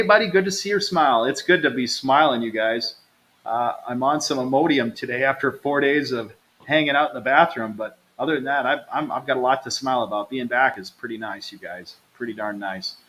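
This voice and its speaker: Bright-voiced upbeat travel vlogger. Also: male voice, medium pitch, a little fast, rough recording. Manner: chatty, upbeat, addresses viewers as "you guys". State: low energy, recovering from stomach trouble. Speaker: travel vlogger hosting a live stream. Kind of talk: casual live-stream chat reading viewer comments.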